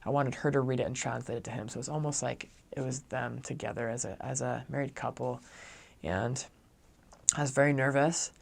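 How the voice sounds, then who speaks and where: Earnest young man with a gravelly voice. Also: mid-range voice, fairly even intonation, fairly quick. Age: young adult. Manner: earnest, acts out quoted dialogue. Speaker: returned missionary. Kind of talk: personal storytelling.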